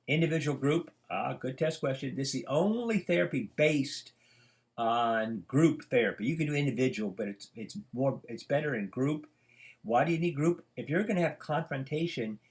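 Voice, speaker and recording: An older man gives a casual psychology lecture from his home. He rambles through anecdotes, stopping for fillers and restarts as he goes. His voice sits at an ordinary pitch. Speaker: psychology teacher. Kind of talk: informal lecture.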